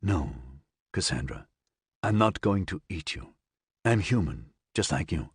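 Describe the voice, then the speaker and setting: A patient, kindly man talks someone down in a sci-fi audiobook, as a male narrator voices him. His voice is low and quiet. It is recorded dry and close. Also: big pitch swings, takes it slowly, no echo, exaggerated voice. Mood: gentle. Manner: soft-spoken, soothing, reassuring. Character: calm, kind grown man, patient and gently amused.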